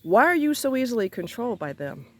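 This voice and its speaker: A woman ranting straight to her viewers in an angry monologue, full of cursing and repeated rhetorical questions, her voice jumping up high when she gets heated. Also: big pitch swings, quick pace. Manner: indignant, profane, rhetorical questions, pitch leaps when heated.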